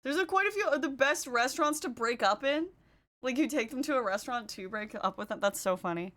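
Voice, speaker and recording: A woman's voice: high voice, expressive, brisk, fairly bright tone. A woman streaming casually while doing her makeup, chatting, laughing often and answering her chat. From Canada. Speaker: livestreamer.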